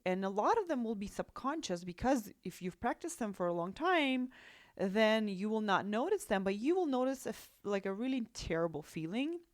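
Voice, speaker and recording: A woman's voice: on the high side, no echo, clean studio sound. A woman with a Russian accent hosting a solo podcast as a life coach, talking in a reassuring, conversational way and often checking in with "right?" and "okay?".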